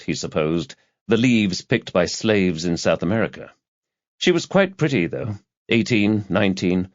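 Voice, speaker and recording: A male narrator with a low voice tells the story at a measured, brooding pace. The sound is dull and lo-fi, very dry, with no room heard. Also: no room sound. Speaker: audiobook narrator. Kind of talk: scripted narration.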